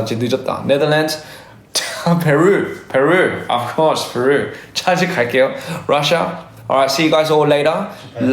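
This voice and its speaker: A man talking to fans on a casual livestream, his mid-range voice upbeat and rambling, tripping over words as he goes. The sound is roomy and echoey, picked up on a phone. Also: mid-range voice. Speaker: musician hosting a live stream. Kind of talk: casual livestream shout-outs. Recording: echoey room.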